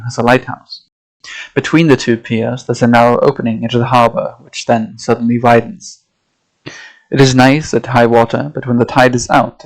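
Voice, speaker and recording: A man reading a classic novel aloud at a measured, steady pace. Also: mid-range voice, poor audio. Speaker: audiobook reader and streamer.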